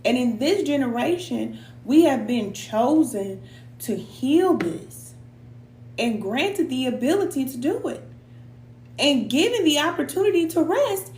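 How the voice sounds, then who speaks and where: A middle-aged woman, a spiritual reader and coach, gives a live tarot reading and motivational talk in a high-pitched, darkish voice with lively intonation and an unhurried pace. Heartfelt and preacher-like, she's sometimes emotional and sighing and uses casual slang. The sound is roomy, with a little hiss or hum.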